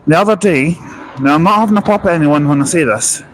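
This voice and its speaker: A man's voice: fairly high pitch, quick pace, slight background noise, poor audio. A man hosting a casual live vlog outdoors at a bus station, talking earnestly and chattily into a handheld mic. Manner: earnest, chatty, with frequent restarts. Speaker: vlogger. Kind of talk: casual live-stream chat. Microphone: handheld wireless mic.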